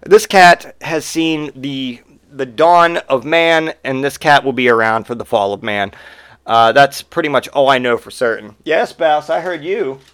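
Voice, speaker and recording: A man's voice: medium pitch, fairly even intonation, a little slow, a bit bright, clean tone, dry recording. A man hosting a podcast, telling rambling, profane stories in a casual monologue. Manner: rambling and profane, with frequent swearing. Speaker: podcast host.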